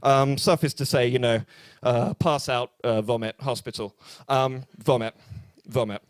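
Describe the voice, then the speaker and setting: A young man with an English accent doing a stand-up set at a small bar open mic, deadpan and hesitant with many fillers. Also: medium pitch, measured pace, clean tone, no room sound. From England. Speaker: stand-up comedian.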